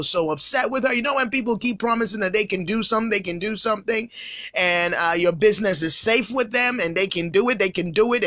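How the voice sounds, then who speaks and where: Emphatic woman pastor, bright dry voice. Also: fairly low pitch, no room sound. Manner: emphatic, repeats phrases for stress. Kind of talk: Bible teaching sermon.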